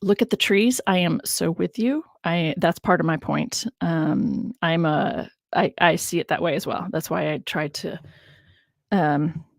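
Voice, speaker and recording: A woman's voice: low-pitched, unhurried, vocal fry, no room sound. A woman biblical scholar hosting a casual teaching livestream, musing aloud, laughing often and stressing key words.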